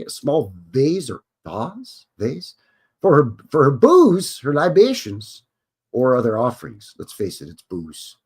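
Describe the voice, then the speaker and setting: Wry man with a lively, bouncing voice. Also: mid-range voice. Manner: wry, sarcastic asides to viewers; stumbles and restarts while reading. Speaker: live-stream host. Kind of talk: casual live-stream chat, reading aloud and commenting.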